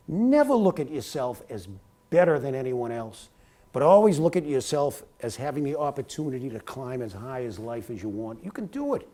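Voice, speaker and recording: A middle-aged man giving an animated talk at a university, telling career stories and sometimes breaking into a sportscaster's cadence. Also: on the high side. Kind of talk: motivational talk with anecdotes. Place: lecture hall at a university.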